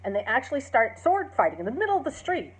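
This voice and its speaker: Husky woman retelling a play casually. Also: high-pitched, sing-song, quick pace. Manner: chatty, lots of "like" and "um", acts out quoted lines. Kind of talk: casual story summary. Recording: dull lo-fi recording.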